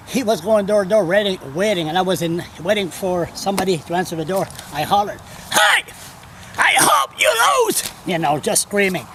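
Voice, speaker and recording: A man's voice: high voice, fairly bright tone, a little hiss or hum. A male blogger talking off the cuff to a camera someone else holds, rambling, blunt and digressive, with some swearing. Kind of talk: off-the-cuff video commentary. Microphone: camera held by another person.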